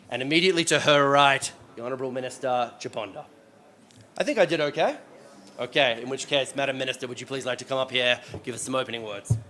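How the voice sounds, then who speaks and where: A man with an Australian accent moderating a live panel event, energetic and self-deprecating. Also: medium pitch.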